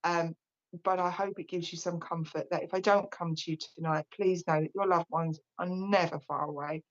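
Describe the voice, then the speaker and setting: A woman in her forties, a psychic medium talking on a live stream in a relaxed, chatty and openly emotional way. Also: lowish voice, moderate pace, dull audio. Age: 40s. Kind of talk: live-stream spiritual talk.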